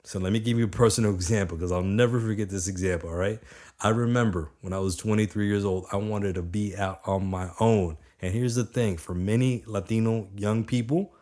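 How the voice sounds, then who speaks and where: A man in his thirties with a very low voice gives a motivational talk. He sounds energetic and conversational and keeps checking in with his listeners. The delivery stays informal and direct. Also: fairly quick. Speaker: motivational speaker.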